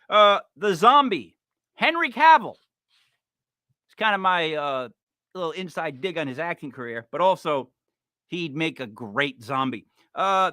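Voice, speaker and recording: Animated bright-voiced joking man. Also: high voice, no room sound, studio quality. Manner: playful, joking, punchy list delivery. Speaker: podcast co-host. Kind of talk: comedic casual chat.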